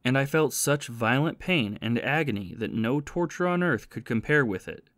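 A man's voice: mid-range voice, lively intonation, moderate pace, fairly bright tone, dry recording, clean studio sound, close to an everyday voice. A man voicing a remorseful former soldier and thief who confesses his past in a plain storytelling manner.

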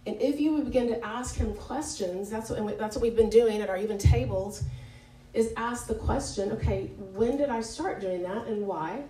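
In an echoey church meeting room, picked up from afar, a woman leads a Bible study with an informal devotional teaching. She's candid and conversational, often using fillers and correcting herself. Her warm voice sits on the higher side, at an ordinary pace.

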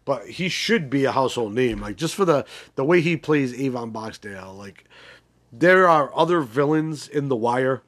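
A man's voice: mid-range voice, animated, normal speed, fairly bright tone. A man hosting a podcast, recapping a crime series in a rambling, profane, casual way with many restarts and fillers. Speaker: podcast host.

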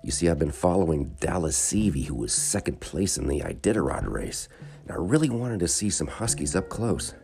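Man putting on a young boy's voice, excited, pitched up, guitar behind. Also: normal speed, vocal fry, full character voice. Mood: eager. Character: eager young boy adventurer.

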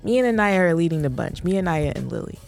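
A woman in her thirties co-hosting a podcast, telling stories with animated laughter in casual chat. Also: lowish voice, quick pace, vocal fry, faint music behind. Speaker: podcast co-host.

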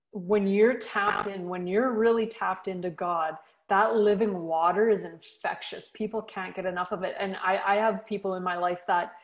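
A woman's voice: mid-range voice, muffled recording. A woman co-hosting a casual faith chat, talking in an earnest, encouraging way as she builds her point. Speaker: podcast co-host.

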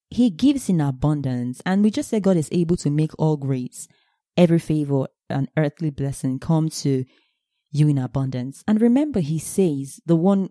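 A woman teaching a sermon on scripture, animated, asking her listeners questions and answering them herself. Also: low-pitched, no room sound, studio quality. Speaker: Bible teacher.

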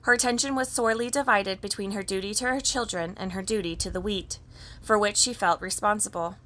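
Bright-voiced woman reading a storybook. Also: mid-range voice, steady tone, a little fast. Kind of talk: reading a children's story aloud.

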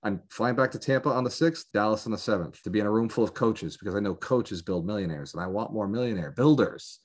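A man giving a fervent motivational sales pitch to a live audience as a business coach, rallying listeners with repeated emphasis. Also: fast talker.

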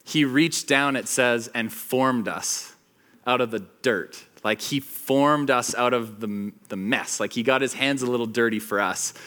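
A man delivers a relaxed sermon to a small gathering, retelling a story with plenty of "like"s and filler words. His voice has a bright, ringing edge, and he jumps into the characters' lines as he quotes them. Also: mid-range voice, measured pace. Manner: animated storytelling, acts out quotes, many fillers. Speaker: pastor. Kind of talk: casual sermon to a small group.

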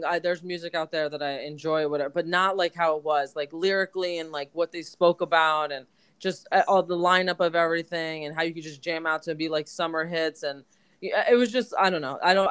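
A woman's voice: deep voice, fairly bright tone, clear, resonant tone. A woman co-hosting a podcast, telling a story in casual chat, full of "like" fillers. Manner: chatty storyteller, many "like" fillers. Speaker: podcast co-host.

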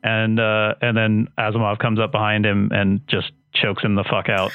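Male podcast co-host, low voice, rambling casual recapper; dry phone-line audio. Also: completely flat delivery, normal speed, dry recording. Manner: rambling storyteller with many fillers and restarts. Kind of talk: casual chat. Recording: dry, tinny phone-like sound.

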